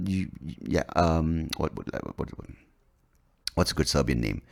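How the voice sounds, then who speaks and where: A man's voice: very deep voice, very animated, measured pace, creaky. A man hosting a podcast, rambling through a profane, self-mocking comedic monologue. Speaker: podcast host.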